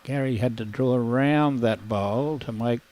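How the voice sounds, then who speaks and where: A man's voice: medium pitch, unhurried, darkish tone, low-quality recording. An older Australian man commentating lawn bowls live, with dry, jokey banter.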